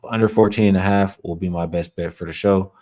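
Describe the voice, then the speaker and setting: Very deep-voiced man, hesitant and halting. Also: fairly even intonation, a little mellow. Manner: hesitant, many ums and restarts. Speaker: sports betting show co-host. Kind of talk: casual betting talk on a livestream.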